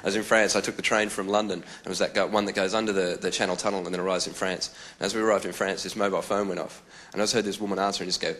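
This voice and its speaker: A man's voice: low-pitched, little pitch movement, rapid-fire, a bit bright. A man with an Australian accent doing stand-up comedy, chatty and self-mocking, on a live stage mic.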